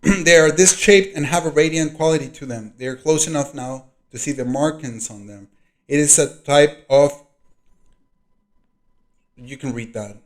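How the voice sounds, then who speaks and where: A man hosting his own video, reading a diary aloud and breaking off into long commentary. He rambles, fills gaps with ums, and clears his throat often. His loudness rises and falls as he talks. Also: a little high, moderate pace. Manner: rambling, frequent throat clearing and fillers, loudness rising and falling. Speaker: video host.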